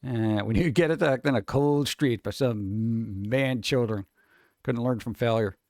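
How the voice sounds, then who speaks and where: A man's voice: medium pitch, measured pace, a little mellow, no echo. Dude in his 40s just rambling on stream, swears a lot, dry close sound. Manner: rambling, swears, chuckles often. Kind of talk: casual chat, answering chat.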